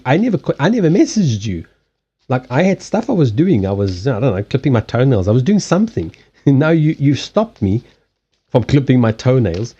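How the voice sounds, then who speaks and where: Blunt, animated man, lo-fi stream. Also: mid-range voice, breathy edge. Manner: blunt, animated, swears, acts out quoted lines. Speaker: livestream host. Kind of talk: casual chat.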